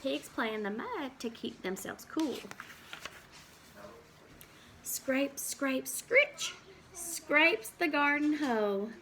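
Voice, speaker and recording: Brief slow, bright-voiced woman reading aloud. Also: sits high, expressive, a little hiss or hum. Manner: acts out animal and farm sounds, asks children questions. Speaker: teacher reading to children. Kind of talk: read-aloud storytime with explanations.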